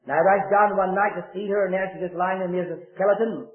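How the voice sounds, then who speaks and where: Older guy preaching, earnest, goes loud then hushed, tinny phone-like old tape. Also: high-pitched, fairly even intonation, fast talker. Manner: earnest, swings from raised to hushed. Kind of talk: sermon with told stories. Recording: echoey, tinny lo-fi old recording.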